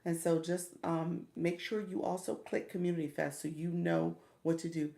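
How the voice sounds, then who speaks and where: Middle-aged female streamer-coach, low and very fry-heavy, chatty and encouraging, greets viewers by name. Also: fairly even intonation, normal speed, warm tone. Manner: encouraging, coaching tone with repeated "okay?". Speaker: livestream host and coach. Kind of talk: casual livestream chat.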